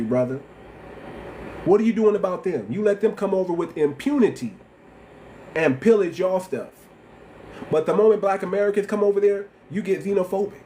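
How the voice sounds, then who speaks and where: A man with a slight lisp and a high-sitting voice hosts a livestream, talking bluntly and circling back to the same points in animated slang. There's slight background noise.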